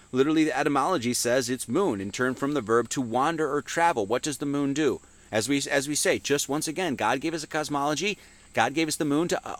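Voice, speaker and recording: A man's voice: on the high side, a bit bright, no room sound. A man giving an informal Sunday Bible teaching, asking and answering his own questions and reading verses aloud with lifted emphasis. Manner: conversational, asks and answers his own questions, reads scripture with rising emphasis.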